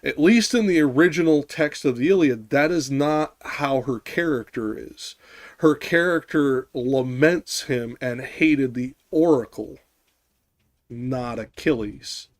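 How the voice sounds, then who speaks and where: A man's voice: medium pitch, slow pace. A man co-hosting a casual talk about a classic poem, arguing his point insistently, restarting sentences and swearing for emphasis. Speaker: podcast co-host. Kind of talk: casual discussion.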